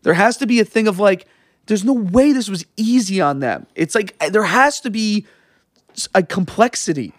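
A man's voice: sits high, expressive, moderate pace, no echo, studio quality. A young man co-hosting a podcast, chatting casually and animatedly, rambling and swearing freely. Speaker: podcast co-host. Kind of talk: casual chat.

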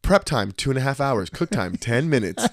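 A man co-hosting a casual chat, telling stories in an animated, profane way. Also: medium pitch, normal speed, dry recording, clean studio sound. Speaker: podcast co-host, martial arts school owner.

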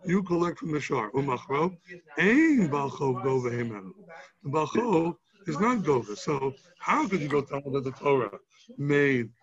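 A man's voice: a little high, sing-song, moderate pace, highs cut off. A man teaching a Talmud class, explaining each step with examples and rhetorical questions.

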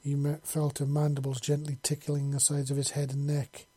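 A man narrates a story in a casual, unpolished reading, stumbling and restarting words now and then. His voice is dark and husky. The recording is dry and close. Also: a little high, completely flat delivery, moderate pace, dry recording. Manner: casual, with frequent slips and restarts. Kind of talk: reading a fan-fiction audiobook.

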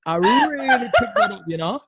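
A man doing a put-on Rasta-style accent as a swaggering gangster, loud and playful. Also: extremely high pitch, wildly swooping pitch, moderate pace, heavy background noise, voice pushed up, exaggerated voice.

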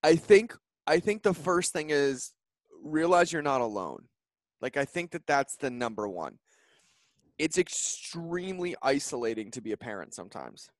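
A man in his thirties, a podcast guest, telling an emotional personal story in an earnest, heartfelt way with fast run-on phrasing. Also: on the high side, sing-song, no room sound. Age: 30s.

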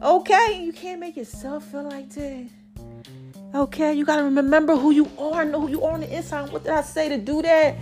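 A woman with a New York accent hosting a podcast in a casual, animated motivational monologue, drawling and breaking into bits of song. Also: sits high, normal speed, faint music behind. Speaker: podcast host.

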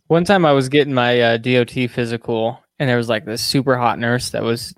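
A man's voice: medium pitch, steady tone, brisk, dry recording, clean studio sound. A man telling laid-back stories in casual chat. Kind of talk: casual banter.

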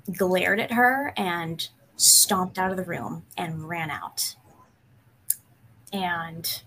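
A woman, a psychotherapist, telling a personal story in an interview, hesitant with many pauses, candid and emotional. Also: medium pitch, bright, forceful tone.

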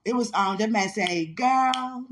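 A woman's voice: lowish voice, normal speed. A woman hosting a podcast alone in a casual, chatty way, laughing often, bursting into bits of song and giving thanks to God. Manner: testifying with religious thankfulness. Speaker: podcast host. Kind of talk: casual solo chat.

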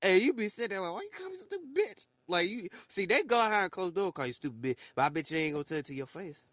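A man's voice: high-pitched, fast talker, a bit bright, no room sound. A man ranting in a casual, profane monologue, repeating words and shifting his voice a lot as he goes. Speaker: podcaster. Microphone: solo voice message.

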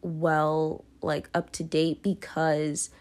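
Hosting her own podcast, a young woman rambles self-consciously through her feelings in a casual confessional monologue, full of fillers and restarts. Her low voice stays fairly level in pitch, a little mellow, with drawn-out words.

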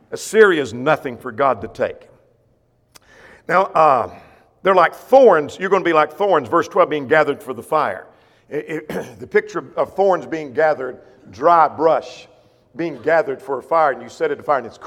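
A man's voice: a little high, lively intonation, normal speed, fairly bright tone. A man teaching a Bible class, reading verses and rephrasing them in plain words with rhetorical questions. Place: church classroom or auditorium. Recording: long reverb of a church hall.

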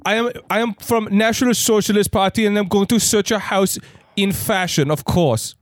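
Pompous German designer-officer, played by a man in a put-on accent; preening, halting, dry close sound. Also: sits high, no room sound, lightly acted. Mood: smug. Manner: preening, halting, tacks on "yes?". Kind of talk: improvised comedy sketch.

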